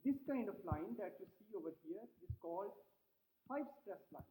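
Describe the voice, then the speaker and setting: A man's voice: high voice, lively intonation, moderate pace, mellow. A man giving a lecture, explaining step by step and posing questions to the class before answering them himself. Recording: echoey roomy hall sound.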